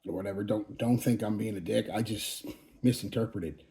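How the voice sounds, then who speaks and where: Speaking at normal speed with a fairly low, mellow pitch, a man in his forties hosts a fragrance channel and gives a casual update monologue. He rambles, restarts often, and doesn't hold back on bluntness or swearing.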